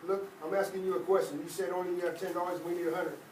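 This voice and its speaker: Man reader voicing a cocky, bossy young guy; fairly high, roomy, off-mic. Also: flat delivery, very fast, a little mellow, a little hiss or hum, natural voice. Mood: teasing. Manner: teasing, bossy. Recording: echoey room, mic at a distance.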